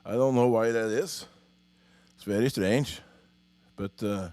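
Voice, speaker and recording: A man's voice: mid-range voice, a little mellow, dry recording. Rambling Norwegian-accented man, dry close sound. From Norway. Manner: halting, many fillers and restarts. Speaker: musician hosting a live stream. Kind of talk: rambling live-stream chat. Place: home studio.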